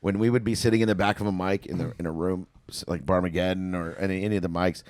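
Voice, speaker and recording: A man's voice: sits low, fairly even intonation, quick pace, darkish tone, no room sound. A man telling profane stand-up stories in casual podcast chat, laughing and acting out the people in them. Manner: profane, laughing storyteller who acts out quotes.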